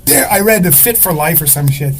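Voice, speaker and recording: Man, podcast host, animated storytelling, swears a lot, slightly high voice. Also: brisk, a little hiss or hum. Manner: animated storyteller, swears freely, mimics relatives. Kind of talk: casual conversation.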